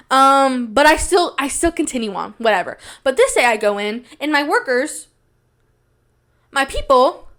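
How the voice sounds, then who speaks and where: A young woman hosting a podcast, telling stories in a rambling, self-deprecating monologue with big jumps in pitch when she quotes people. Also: expressive, normal speed, fairly bright tone. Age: young adult. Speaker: podcast host. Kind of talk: casual storytelling monologue.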